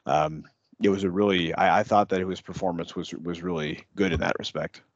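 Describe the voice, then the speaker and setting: Deep-voiced man on a dull dry mic. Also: fairly even intonation, dry recording. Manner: halting, with frequent restarts and hedges. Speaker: podcast co-host. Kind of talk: casual film review chat.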